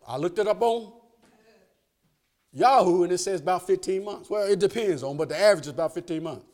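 A man preaches a homespun sermon in a high voice, shifting between quiet asides and shouted lines, calling for amens and laughing with his congregation.

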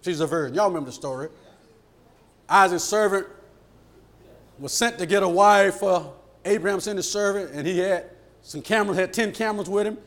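A middle-aged man preaching a sermon, animated and rising to shouts at his peaks. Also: sits high, normal speed, long pauses. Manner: animated, shouts at peaks and acts out quoted voices.

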